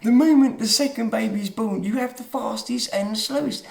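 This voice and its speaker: A man delivering a rambling monologue to his YouTube audience. He swears, trails off into quiet mutters, then surges into emphatic outbursts. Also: very high voice, brisk, gravelly. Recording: roomy, echoey room sound.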